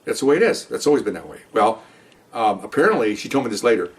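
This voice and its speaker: A man's voice: fairly low pitch, fast talker, distant mic. A man, a retired police commander, casually telling a story from his career, rambling and conversational. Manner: rambling, conversational, quotes others with animated voice.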